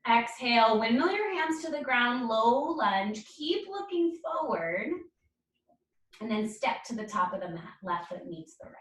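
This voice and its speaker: A woman leading a yoga class, calling out poses and breaths in calm, encouraging cues. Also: on the high side, unhurried, far from the mic. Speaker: yoga instructor. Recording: roomy echo, speaker away from mic.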